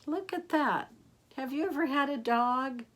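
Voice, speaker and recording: Slow-reading older grandma storyteller. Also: female voice, sits high. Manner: gentle and expressive, gasping and asking the listener questions. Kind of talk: reading picture books aloud to children.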